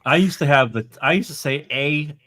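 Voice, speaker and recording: A man's voice: fairly high pitch, moderate pace, a bit bright, no room sound. A man from northern Wisconsin chatting casually on a podcast, swearing freely. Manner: loose, swears freely, laughs along. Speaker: podcast co-host. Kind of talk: casual chat.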